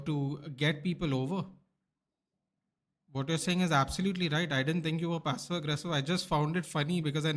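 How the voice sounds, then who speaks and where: A man hosting a live football watchalong, chatting casually with viewers and reading out their comments. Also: fairly high pitch. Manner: chatty, rambling, reads out viewer comments and answers them; bursts into loud excited shouts at near misses. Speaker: livestream host.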